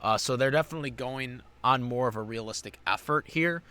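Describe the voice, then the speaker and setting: A man's voice: medium pitch, brisk, pushed and bright, smooth. A man giving a casual spoken recap of an anime episode, rambling with many fillers and restarts. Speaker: anime reviewer.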